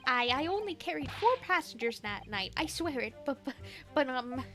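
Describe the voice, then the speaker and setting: A woman's voice: high voice, very animated, moderate pace, fairly bright tone, soft background music. A woman voicing a nervous, sly male coachman in a game, stammering and pleading. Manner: stammering, fretful.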